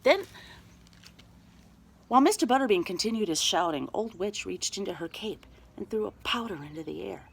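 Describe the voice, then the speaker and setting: A woman telling a children's story aloud, very expressive and dropping to a whisper at spooky moments. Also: medium pitch, fast, vocal fry, husky.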